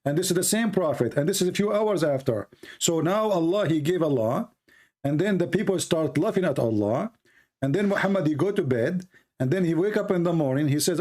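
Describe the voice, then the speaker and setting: A man with an Arabic accent hosting a heated online debate, hoarse and coughing, pressing the same questions again and again. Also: on the high side, animated, a little fast, darkish tone. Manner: insistent, repeats questions. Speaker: debate host.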